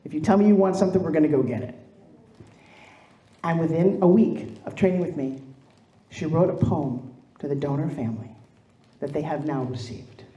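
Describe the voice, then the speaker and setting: A middle-aged woman giving a motivational speech on stage, telling stories with lively acted-out quotes. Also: deep voice, moderate pace, pauses often, roomy sound, dull audio. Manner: animated storytelling, acts out quoted voices. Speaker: motivational speaker. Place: stage in a large room.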